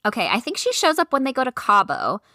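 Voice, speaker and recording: Bright, lively woman podcast co-host. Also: on the high side, fast, no room sound, clean studio sound. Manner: chatty, giggly, laughs often. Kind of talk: casual chat.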